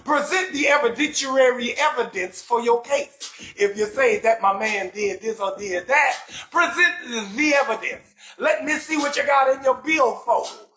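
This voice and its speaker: A man from New Orleans with a New Orleans accent hosting a live comedy talk show, loud and animated, often shouting and cursing as he reads viewer comments. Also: very high voice, measured pace, roomy sound.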